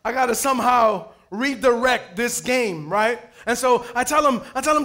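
A man's voice: very high-pitched, moderate pace, few pauses. A man pastor preaching a sermon, telling stories playfully, calling for amens and raising his voice at key points. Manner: lively, playful storytelling with calls for amen.

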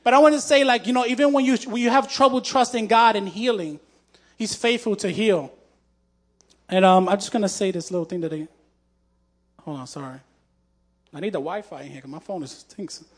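A man's voice: sits high, brisk, long pauses. A man preaching a sermon, telling a personal story in a conversational, heartfelt way, with frequent fillers and restarts. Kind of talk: testimony sermon.

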